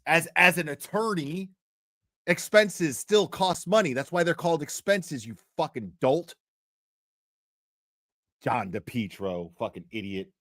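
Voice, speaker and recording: Brief: male streamer, fairly high voice, profane and heckling, dry close mic. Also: fairly bright tone, dry recording. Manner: crude, heckling, swearing freely. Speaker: livestream host. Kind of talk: profane casual commentary.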